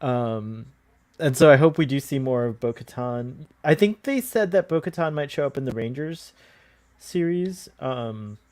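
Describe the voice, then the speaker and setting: A man's voice: mid-range voice, expressive, measured pace, a little mellow. Enthusiastic laughing podcast man. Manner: enthusiastic, laughs often, hesitant fillers. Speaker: podcast co-host. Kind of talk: casual chat.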